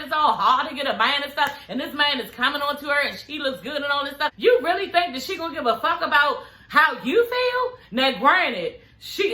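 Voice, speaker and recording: A woman's voice: high-pitched, bright, forceful tone. A young woman recapping a reality show in a sassy, profane, outspoken way. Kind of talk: casual recap commentary. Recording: echoey room.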